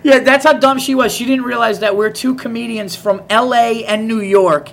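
A man's voice: very high voice, moderate pace, creaky. A man hosting a podcast, telling stories in casual chat, laughing often and acting out the people he quotes. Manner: animated storyteller, laughs often, acts out quotes. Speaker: podcast host.

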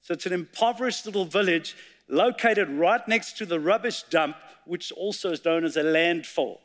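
Male preacher, high pitch, long reverb of a church hall, storytelling sermon. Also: normal speed, fairly bright tone. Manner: storytelling, reciting poetry dramatically.

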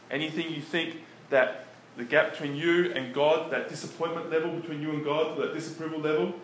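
A man preaching in a relaxed, conversational way, often chuckling between his points. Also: on the high side, normal speed. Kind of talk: conversational sermon. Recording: echoey room with faint background noise.

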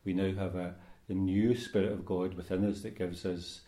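Priest, male, low mellow voice, measured liturgical reading and homily, roomy church. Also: flat delivery. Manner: measured, unhurried delivery with fillers in homily.

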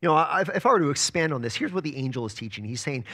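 A man's voice: on the high side, lively intonation, racing, few pauses, a bit bright. A man preaching a sermon as pastor, emphatic and repeating words as he builds his points.

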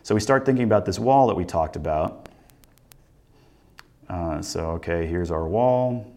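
A man teaching a recorded lesson, explaining step by step in a relaxed way and thinking aloud with many fillers and restarts. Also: low voice, unhurried. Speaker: instructor. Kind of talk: recorded lecture walkthrough.

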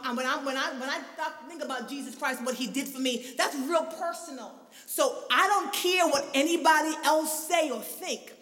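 Woman preacher, high bright voice, expressive, heard from a distance in a reverberant sanctuary. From from abroad, grew up outside the country. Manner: expressive, builds to shouted fervor. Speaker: guest preacher. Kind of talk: lively sermon. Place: church sanctuary. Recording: echoey hall, mic at a distance.

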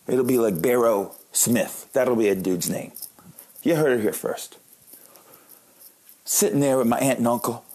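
A man in his late thirties tells comic stories about his life, joking at his own expense. His voice is husky and a bit breathy, at an ordinary male pitch. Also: unhurried, pauses often, darkish tone. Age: late 30s. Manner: joking, self-deprecating. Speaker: comedian. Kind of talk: comic storytelling monologue.

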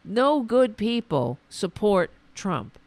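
A woman hosting a political podcast, delivering an indignant, scolding rant while her voice is going hoarse. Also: medium pitch, big pitch swings, slow pace, a little mellow. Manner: indignant, scolding, swears, talks to her dog aside. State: losing her voice. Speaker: podcast host. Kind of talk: ranting political commentary.

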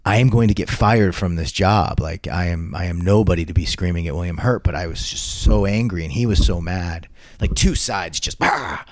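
A man's voice: low-pitched, moderate pace, few pauses, dry recording, clean studio sound. A man telling a long, rambling story as an interview guest, often restarting and repeating words. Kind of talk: casual anecdotal storytelling.

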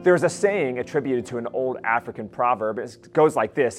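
A man's voice: medium pitch, expressive, moderate pace, few pauses. A middle-aged man preaching a sermon in an earnest, conversational way. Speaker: pastor.

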